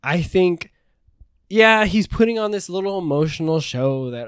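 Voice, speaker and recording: A man talking on a podcast in a rambling, profane, teasing way. His voice sits a little high for a man. The sound is dry and close, with no room echo. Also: lively intonation, normal speed, clean tone. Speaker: podcast co-host. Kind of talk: casual chat.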